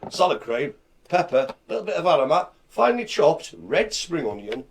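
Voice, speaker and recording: A man's voice: on the high side, big pitch swings, moderate pace, slight background noise. A man hosting a live chat show, playful and rambling, full of jokes. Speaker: host. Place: indoors, studio at a community venue.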